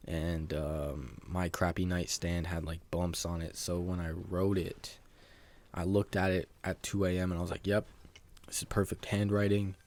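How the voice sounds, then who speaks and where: Deep-voiced young man rambling a storytime. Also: a little mellow. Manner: rambling, heavy use of "like" and "bro", self-mocking. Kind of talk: casual storytime monologue.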